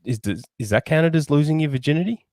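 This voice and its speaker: A man co-hosting a podcast, reading out questions in casual banter with a deadpan manner and chuckles. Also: on the high side, fast talker, no room sound. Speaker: podcast co-host.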